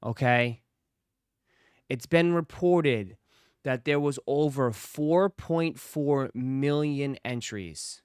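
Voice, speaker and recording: A man's voice: medium pitch, slow, smooth, dry recording, studio quality. A man hosting a casual livestream, talking straight to his chat viewers and repeating phrases for emphasis. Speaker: livestream host.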